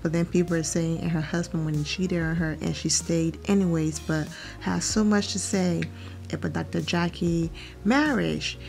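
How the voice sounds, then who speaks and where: A woman hosting a casual reality TV recap, animated and opinionated with quick asides. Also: on the low side, creaky, faint music behind.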